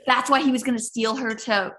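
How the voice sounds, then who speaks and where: A woman's voice: a little high, steady tone, fairly quick, a bit bright. A woman co-hosting a casual recap chat, reacting to the characters with playful outrage and mock insults. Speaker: podcast co-host.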